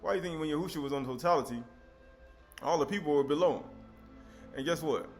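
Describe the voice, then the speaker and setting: High-voiced man preaching casually. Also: quick pace, soft background music. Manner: conversational, rhetorical questions, slangy asides. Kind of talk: informal sermon teaching.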